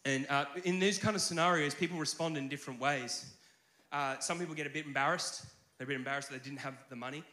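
A man delivering a sermon in a bright, forward voice, fairly high for a man. He tells stories conversationally with lively restarts, and his voice rings through a roomy church hall. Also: fast. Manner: conversational, animated storytelling with filler restarts. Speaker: pastor.

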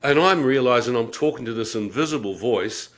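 A man's voice: mid-range voice, lively intonation, fairly quick. Wry middle-aged man telling his testimony. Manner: vivid, wry, laughs at himself, acts out his own inner talk. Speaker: guest telling his conversion story. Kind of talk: personal testimony storytelling.

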